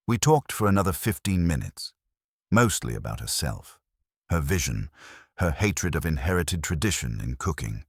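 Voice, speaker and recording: Very deep, husky male audiobook narrator. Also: big pitch swings, moderate pace, no echo. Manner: wry, dry first-person storytelling.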